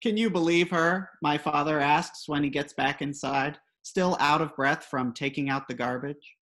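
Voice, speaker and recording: A woman's voice: deep voice, little pitch movement, moderate pace, fairly bright tone. A woman reading her own comic personal essay aloud in a wry, dry storytelling manner.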